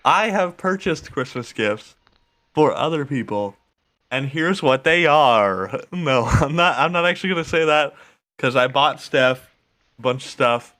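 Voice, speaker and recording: A man's voice: medium pitch, expressive, measured pace, pushed and bright. A young man co-hosting a casual podcast, laughing often and poking fun at himself. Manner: giggly, self-mocking, trails off. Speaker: podcast co-host.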